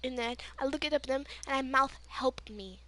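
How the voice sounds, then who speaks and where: A woman vlogger telling a personal story in a casual, rambling way, full of "you know" and "like" fillers, sometimes bursting into yelling. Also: high voice, fast talker, slight background noise. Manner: excitable, bursts into yelling when retelling. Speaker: gaming vlogger.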